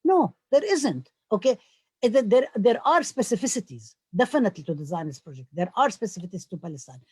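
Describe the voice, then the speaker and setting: A scholar speaking on a panel, halting and full of fillers at times, then emphatic. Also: mid-range voice, animated, darkish tone, slightly rough, no echo. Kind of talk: panel discussion.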